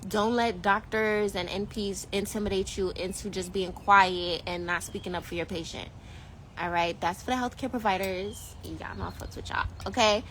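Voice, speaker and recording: A woman vlogger telling a casual storytime, animated and slangy, laughing often. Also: medium pitch, moderate pace, a little hiss or hum, low-quality recording.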